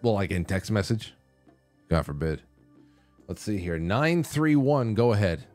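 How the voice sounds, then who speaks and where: A man's voice: lowish voice, expressive, unhurried, darkish tone, faint music behind. A man hosting a call-in radio show, chatting casually, reading out phone numbers and reacting to callers. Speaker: radio talk show host. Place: radio studio.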